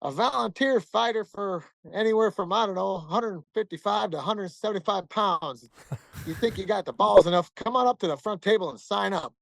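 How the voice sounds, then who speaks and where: Man doing a drawling hillbilly announcer, brash, high-pitched, dry sound. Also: brisk, gravelly, fairly bright tone, no echo, rough recording. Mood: hollering. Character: loud hillbilly male fight announcer.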